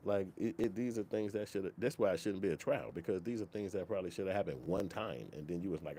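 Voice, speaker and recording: A man hosting a commentary channel, talking in a casual, profane, animated rant. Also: low voice, quick pace, few pauses, slight background noise. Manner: profane, animated, slips into mock quoted voices.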